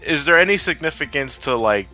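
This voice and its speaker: Animated bright-voiced co-commentator. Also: male voice, fairly high pitch, fairly quick, faint music behind. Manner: asks questions, laughs, swears. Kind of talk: casual game commentary.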